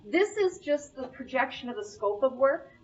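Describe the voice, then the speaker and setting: A woman with a fairly high voice walks the board through a planning document on a screen, explaining it point by point. She is picked up from across a meeting room, and the recording sounds muffled and dull. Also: very animated, normal speed, recorded from a distance. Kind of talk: meeting presentation.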